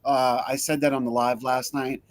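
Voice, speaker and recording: A man's voice: mid-range voice, level tone, normal speed. A man hosting a casual online holiday chat, upbeat and playful, greeting guests by name over a video call. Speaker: host.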